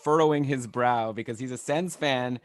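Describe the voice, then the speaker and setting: A man's voice: medium pitch, moderate pace, no echo. A man hosting a podcast in a casual chat, asking questions and teasing his guest. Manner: inquisitive, teasing. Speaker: podcast host.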